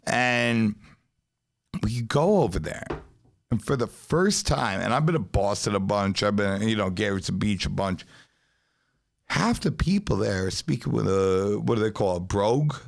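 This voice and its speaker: A man with a New York accent telling a long story on a podcast in a casual, profane, animated way. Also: on the low side, unhurried, gravelly. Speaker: pizzeria owner, podcast guest. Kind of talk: casual chat.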